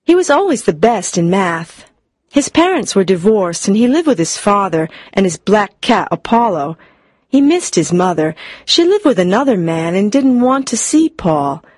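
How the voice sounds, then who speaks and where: Expressive woman reading a story. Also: medium pitch, normal speed, no room sound. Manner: expressive, clear for learners. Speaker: audiobook narrator.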